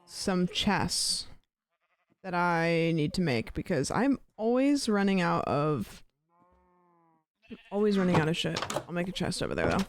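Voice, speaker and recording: A young woman streaming a game, reading chat questions in a croaky, sleepy-sounding, tired voice, rambling and sarcastic with plenty of swearing. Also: fairly low pitch, very animated, a little slow, long pauses, slight background noise. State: tired voice, talking quietly.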